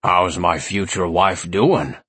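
A man voicing a gruff, menacing old male orc barkeeper who snarls and grumbles in a husky voice. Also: deep voice, slow pace, fairly bright tone, dry recording, heavily acted. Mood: grumbling.

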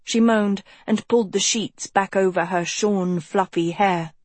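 A woman narrating an audiobook in a measured, even storytelling manner. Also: medium pitch, no room sound.

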